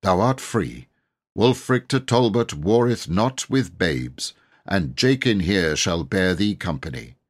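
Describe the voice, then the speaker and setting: A man voicing a noble medieval knight who speaks in slow, archaic, measured phrases. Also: low-pitched, sing-song, full character voice. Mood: stately.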